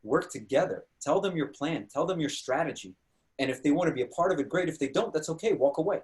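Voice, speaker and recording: A man's voice: fairly high pitch, quick pace. A man hosting a panel discussion, telling stories with energy and acting out quoted dialogue. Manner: animated storytelling, acts out quoted dialogue. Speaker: host.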